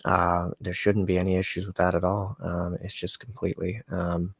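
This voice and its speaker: A woman co-hosting an interview, speaking in a hesitant, halting way full of fillers. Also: a bass voice, little pitch movement, gravelly, breathy edge, no echo. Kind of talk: casual interview conversation.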